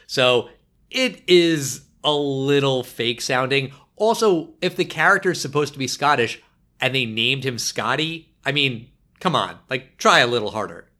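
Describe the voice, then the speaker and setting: Bright, animated man on a podcast. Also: medium pitch, unhurried. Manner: animated, wry, lots of fillers. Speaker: podcast co-host. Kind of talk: casual podcast chat.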